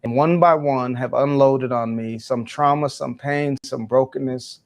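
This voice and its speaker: A man's voice: mid-range voice, fairly even intonation, a little slow, vocal fry. A man who is a guest in an interview, an education speaker answering in a passionate, emphatic, preacherly way.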